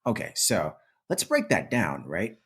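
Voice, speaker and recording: A man's voice: low voice, wildly swooping pitch, measured pace, fairly bright tone, slightly rough. A man co-hosting a history podcast in a playful, teasing, casual way. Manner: playful, mock-exasperated, teasing. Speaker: podcast co-host.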